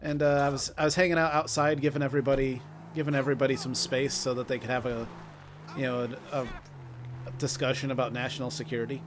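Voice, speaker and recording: Young dude chatting on stream, laid back and rambly, a bit of background noise. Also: male voice, mid-range voice, little pitch movement, fast. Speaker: streamer and co-host. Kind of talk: casual chat.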